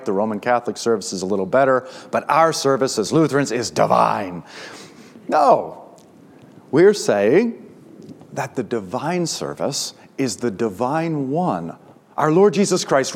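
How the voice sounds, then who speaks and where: Male pastor, sermon delivery, emphatic rises on key words, mid pitch.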